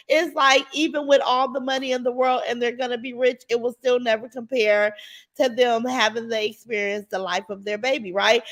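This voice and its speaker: A woman hosting a casual live stream, talking to viewers with lively exclamations. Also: high-pitched. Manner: animated, exclaims and repeats, addresses viewers as y'all. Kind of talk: casual live-stream chat reading comments.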